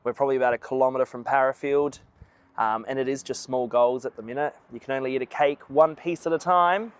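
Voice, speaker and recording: A man's voice: mid-range voice, fairly even intonation, fast talker, clear, resonant tone. A tired man walking a long route and talking to the camera in a plain, self-mocking way, outdoors by roads. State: weary from walking. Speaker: vlogger on a long walk. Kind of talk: walking vlog talk to camera.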